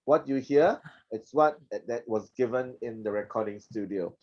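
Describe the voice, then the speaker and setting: A man moderates a panel at a brisk pace and asks the audience for questions. The recording sounds dull and lo-fi. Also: mid-range voice, darkish tone.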